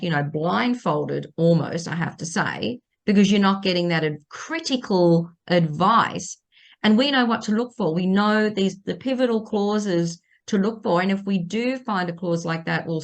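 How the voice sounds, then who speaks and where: A woman lawyer in midlife explains a legal matter on a podcast in a slightly low voice. She talks emphatically and circles back to stress each point again. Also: creaky. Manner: emphatic, repeats key points. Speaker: property lawyer. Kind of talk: podcast legal advice chat.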